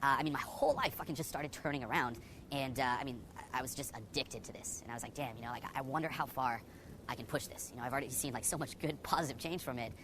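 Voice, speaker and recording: Young male dating coach, rapid-fire, profane and candid, with a faint hum of room sound behind him. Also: mid-range voice. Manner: profane, heavy on "you know" fillers. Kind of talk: candid personal story told to camera.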